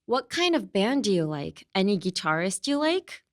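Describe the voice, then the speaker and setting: A woman's voice: mid-range voice, sing-song, normal speed, no room sound, clean studio sound, lightly acted. A woman reading the lines of an upbeat teenage girl drummer, casual in tone. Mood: asking.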